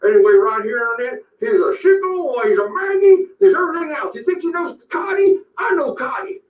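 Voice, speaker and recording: A man voicing a brash, crude self-styled cowboy sheriff in a comedic parody rant, boasting and making blustering threats. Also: very high voice. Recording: roomy, distant, dull lo-fi sound.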